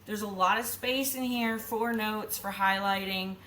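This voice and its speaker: A woman in her thirties hosting a podcast, chatty and quick to laugh in a casual conversation. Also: mid-range voice, steady tone, bright, forceful tone, slight background noise. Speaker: podcast host. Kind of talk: casual chat.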